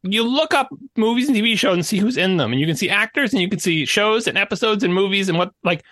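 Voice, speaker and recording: A man's voice: high-pitched, expressive, fast talker, a bit bright, no echo, clean studio sound. A man co-hosting a podcast, ranting in exasperation during casual chat. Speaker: podcast co-host.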